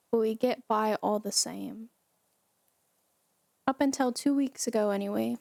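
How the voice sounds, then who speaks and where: A woman's voice: fairly high pitch, vocal fry, a little mellow, no room sound, clean studio sound. A woman reading as a Southern housewife, light drawl. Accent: American Southern, put on. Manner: reads game dialogue aloud, half-attempting a country drawl. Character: 38-year-old Southern housewife on a farm.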